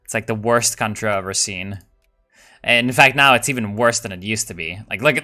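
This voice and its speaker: A young man giving casual, profane commentary while playing a strategy game, excitable and musing aloud with fillers and laughs. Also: lowish voice, a little fast. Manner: swears a lot, excitable, jokey.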